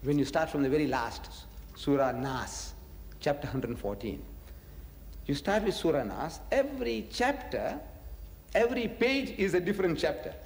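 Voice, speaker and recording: Animated man preaching in echoey hall. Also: fairly high pitch, moderate pace, gravelly. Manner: animated, rhetorical questions, chuckles often. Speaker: religious lecturer. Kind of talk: preaching lecture to an audience.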